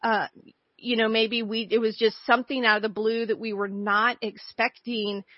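A woman with a fairly high voice hosts a devotional talk, asking her co-hosts gentle questions with soft restarts. The audio is dry and a little dull, with no room sound. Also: little pitch movement, normal speed, no echo. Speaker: podcast host. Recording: slightly muffled dry audio.

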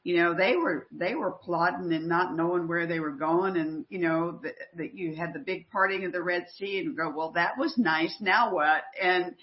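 Brief: woman co-host, low voice, earnest and animated faith storyteller, slightly muffled recording. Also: normal speed, hardly any pauses. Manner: animated, earnest, repeats words as she builds a point. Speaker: podcast co-host.

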